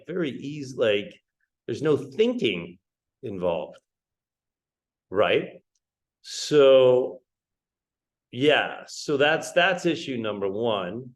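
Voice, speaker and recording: A man's voice: medium pitch, big pitch swings, slow pace, poor audio. A man teaching English in a live-streamed online lesson, talking conversationally, checking in with "right?" and greeting viewers by name as they join. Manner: conversational, keeps asking "right?".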